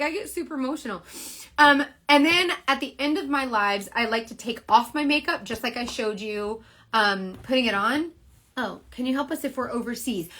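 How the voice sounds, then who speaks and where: Woman makeup seller, slightly high voice, earnest rambling live-stream chat. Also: fairly bright tone, slight background noise. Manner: rambling, filler-heavy, earnest.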